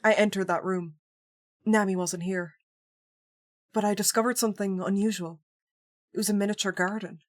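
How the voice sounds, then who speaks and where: A woman's voice: medium pitch, moderate pace, pauses often, no room sound, studio quality, close to an everyday voice. Woman reading an earnest young man narrating. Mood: uneasy. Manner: steady, earnest first-person narration. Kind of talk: reading a visual novel aloud.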